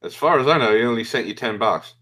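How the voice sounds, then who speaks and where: A man co-hosting a casual stream, excitable and quick to jump in and interrupt. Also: mid-range voice. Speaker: co-host.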